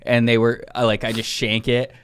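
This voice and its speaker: A man co-hosting a casual podcast chat, telling a story in halting bursts full of "uh" and "um". His voice sits at an ordinary middle pitch. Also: completely flat delivery, clean tone. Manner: halting, many "uh" and "um" fillers. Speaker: podcast co-host.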